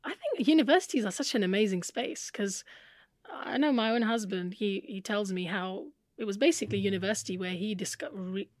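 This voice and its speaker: A woman's voice: mid-range voice, fairly quick, no echo. A woman interviewer in casual conversation, recorded close and dry with no room sound. She reacts readily, laughing and chiming in as her guest speaks. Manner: responsive, laughs and reacts often.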